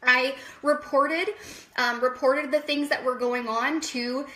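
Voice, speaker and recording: A woman's voice: high voice, steady tone, slow, fairly bright tone, roomy sound. A woman in her thirties crying as she tells viewers, apologizing often and speaking straight to them. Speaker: vlogger. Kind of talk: emotional personal vlog.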